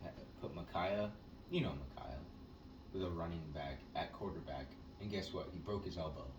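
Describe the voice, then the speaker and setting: Deep-voiced man telling an animated story. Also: normal speed. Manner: animated storyteller, acts out quotes, swears. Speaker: podcast co-host. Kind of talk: casual storytelling chat. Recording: echoey room, mic at a distance, faint noise.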